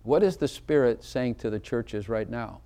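A man delivers a sermon to a congregation, hammering his points with emphasis. He stops often to ask listeners questions directly and waits for answers. His voice sits at an ordinary middle pitch. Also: expressive, normal speed, warm tone. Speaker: pastor.

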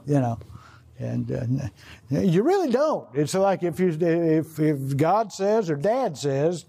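A man's voice: on the high side, lively intonation, a little slow, dark tone, breathy edge. An older man preaching a sermon in a rambling, conversational way, full of "you know" and restarts. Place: outdoor gathering.

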